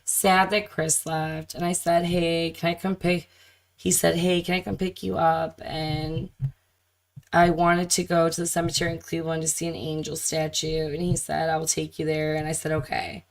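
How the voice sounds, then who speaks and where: A woman with a low, deep voice reads a deposition witness's answers aloud. She slips into giggles between lines, taking the transcript casually. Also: little pitch movement, normal speed, low-quality recording. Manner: laughs often, breaks into giggles. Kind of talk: dramatic reading of a deposition.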